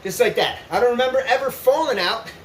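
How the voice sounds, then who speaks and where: A man's voice: very high voice, fast talker. A man telling his story to viewers while riding an exercise bike, in a rambling, profane way, often asking "right?". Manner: breaks into laughs. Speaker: vlogger. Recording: roomy echo with faint noise.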